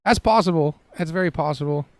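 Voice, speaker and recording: A man's voice: on the high side, fairly quick, darkish tone, no room sound. A young man who trades live on a stream, chatting casually with his chat and laughing often.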